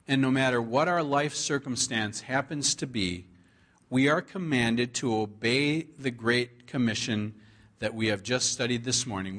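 A man preaching a sermon, earnestly quoting scripture and drawing out the key phrases slowly for emphasis. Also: medium pitch, fairly bright tone. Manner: earnest preaching, drawn-out repeated scripture quotes. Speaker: pastor.

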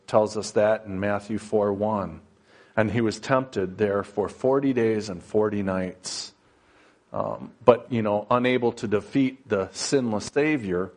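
Slow-paced male preacher. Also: fairly low pitch, a little mellow. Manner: slow, conversational preaching that builds to emphatic, rising passages; plain storytelling with frequent fillers. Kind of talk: sermon.

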